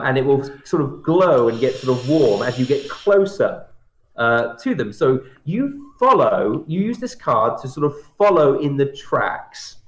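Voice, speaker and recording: A man narrating a tabletop role-playing game as game master, halting and full of fillers. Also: medium pitch. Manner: hesitant, filler-heavy narration. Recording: roomy echo.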